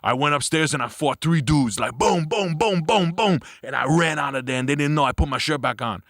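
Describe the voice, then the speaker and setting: A man's voice: medium pitch, brisk, no echo, clean studio sound. A man co-hosting a stream, telling stories in a casual chat with a lot of swearing and animation. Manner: animated, profane storytelling. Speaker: stream co-host.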